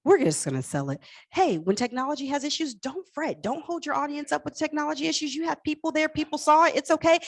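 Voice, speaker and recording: A woman's voice: high-pitched, animated, fast talker, dry recording, poor audio. A woman calling a live charity auction on stage, playfully coaxing and teasing bidders by name. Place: event hall stage.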